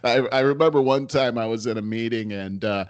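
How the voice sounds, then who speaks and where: A man's voice: mid-range voice, fairly quick, clean tone, no room sound, highs cut off. A middle-aged man co-hosting a podcast, telling anecdotes in casual chat and chuckling through his stories. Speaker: podcast co-host. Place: home in Los Angeles.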